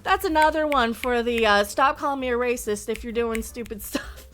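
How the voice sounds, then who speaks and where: A woman's voice: fairly high pitch, normal speed, fairly bright tone, soft background music. A woman hosting her own channel, giving a blunt, sarcastic, rambling opinion rant broken up by laughs. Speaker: channel host.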